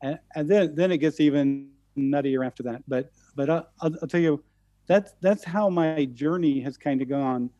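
Mellow-voiced man telling stories haltingly. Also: a little high, dull audio. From central United States. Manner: halting, repeats words often. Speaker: guest speaker. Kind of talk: storytelling in conversation.

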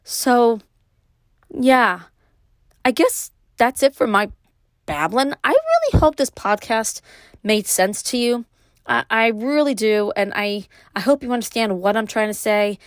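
Woman, Brooklyn accent, middle-aged, solo podcast, rambling, pauses a lot, dry close sound. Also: a little high, very animated, no room sound. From New York. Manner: rambling, pauses and restarts often. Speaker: podcast host. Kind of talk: casual solo podcast monologue.

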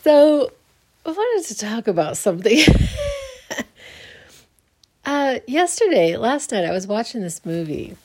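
Slow, mellow-voiced sleepy woman podcaster. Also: on the high side, very animated. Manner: rambling, many restarts and fillers, yawning early in the morning. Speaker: podcast host. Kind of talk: casual solo podcast chat.

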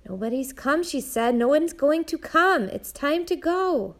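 A woman's voice: high-pitched, lively intonation, measured pace, voice pushed up. A woman reading an audiobook, voicing an anxious, determined young girl on the run, speaking urgently and earnestly. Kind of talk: audiobook narration.

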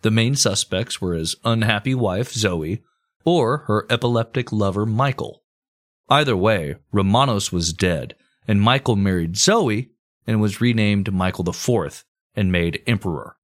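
A man's voice: lowish voice, unhurried. A man hosting a comedy history podcast, telling the story casually with crude jokes and plenty of swearing. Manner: crude, joking, swears freely.

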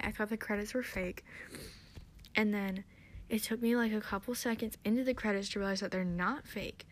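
Chatty excitable young woman. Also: medium pitch. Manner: chatty, excitable, many fillers. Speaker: podcast host. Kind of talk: casual recap and theorizing.

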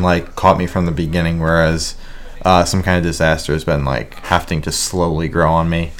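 A young man co-hosting a podcast in casual chat, rambling, joking and swearing loosely. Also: deep voice. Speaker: podcast co-host.

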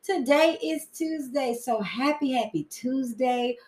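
A woman's voice: sits high, slow, darkish tone. Chatty woman, solo podcast host, wanders off on tangents, roomy sound. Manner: chatty, prone to tangents, faith-filled. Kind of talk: casual solo podcast talk.

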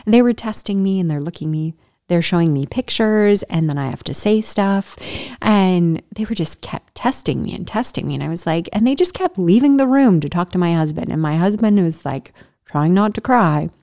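A woman vlogger chatting casually to camera in a studio, telling a personal story in a lively way with slangy exclamations. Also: on the low side, normal speed.

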